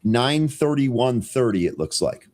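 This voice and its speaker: Brisk man calling live market moves. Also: medium pitch, big pitch swings, darkish tone. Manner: brisk, dry, sarcastic asides. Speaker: trading show co-host.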